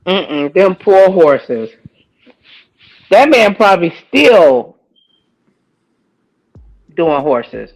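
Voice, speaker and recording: A woman's voice: on the low side, big pitch swings, drawn-out words, pauses often, a little mellow, rough recording. A woman chatting casually as a co-host in a laid-back, drawling way. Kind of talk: casual gossip chat.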